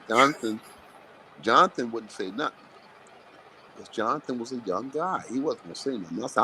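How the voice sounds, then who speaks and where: A man, a boxing trainer, telling blunt, animated stories with plenty of swearing in a live interview. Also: on the high side, moderate pace, a little hiss or hum, rough recording. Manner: animated, blunt, profane storytelling.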